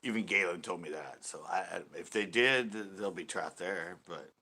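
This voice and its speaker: A man's voice: deep voice, a little fast, sharp tone, husky. A man hosting a casual fishing live stream, joking and rambling as he chats with viewers. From California. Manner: joking, rambling, laughs a lot. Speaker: fishing channel host.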